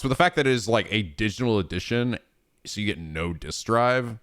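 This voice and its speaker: A man streaming games, chatting casually in a rambling, profane and animated way. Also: medium pitch, moderate pace, clear, resonant tone, no room sound, clean studio sound. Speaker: game streamer. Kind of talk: casual chat.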